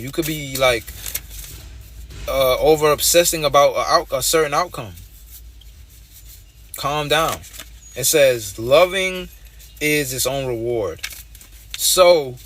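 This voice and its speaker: A man's voice: mid-range voice, a bit bright, slight background noise. A young man giving a casual tarot reading in a blunt, streetwise way, repeating his points as he talks. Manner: loose, conversational, repeats phrases. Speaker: tarot reader.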